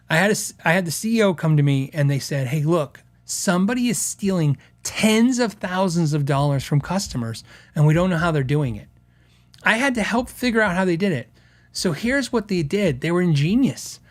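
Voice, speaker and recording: A middle-aged man hosting a podcast, telling long stories in a rambling way and acting out the people in them. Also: fairly high pitch. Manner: rambling with restarts, acts out quoted customers. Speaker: podcast host. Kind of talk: casual storytelling.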